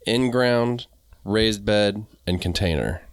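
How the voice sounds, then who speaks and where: A man's voice: fairly low pitch, slow pace, clean tone, no echo, studio quality. A man co-hosting a gardening podcast, joking around while steering the conversation in loose phrasing. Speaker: podcast co-host. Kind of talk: casual gardening chat.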